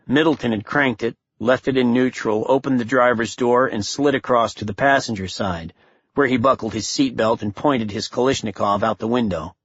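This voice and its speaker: A male narrator reading a thriller audiobook in a steady, measured way. His voice is husky and close, with a dry sound and no room echo. The recording is slightly dull. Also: medium pitch. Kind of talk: scripted narration.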